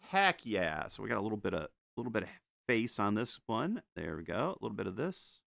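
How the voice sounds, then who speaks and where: A man's voice: on the low side, fairly quick, vocal fry, no echo, clean studio sound. A man chatting casually while painting on a live stream at home, joking and making little sound effects as he works. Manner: animated, jokey, makes sound effects. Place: home studio.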